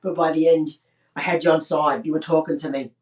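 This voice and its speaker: A woman's voice: sits low, level tone, brisk, a little mellow, far from the mic. A woman hosting a comedy livestream from home, chatting cheekily and crudely with viewers between songs. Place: home during lockdown. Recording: echoey room, voice off-mic.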